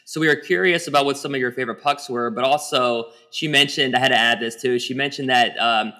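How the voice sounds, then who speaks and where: Bright-voiced man hosting a fan podcast. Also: mid-range voice, fairly quick. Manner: upbeat, eager fan talk. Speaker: podcast host. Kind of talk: casual chat.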